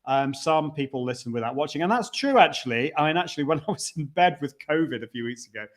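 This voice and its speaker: A man with a slightly high, animated voice talks fast as he hosts a live stream. He chats casually with a guest, restarts his sentences, and reads out viewer comments.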